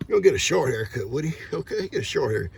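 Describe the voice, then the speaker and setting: Gravelly older man chatting outdoors. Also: medium pitch, sing-song, fast. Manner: folksy and chatty, chuckles often. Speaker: farmer and video host. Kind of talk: casual vlog narration while working. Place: outdoors by a creek on a farm.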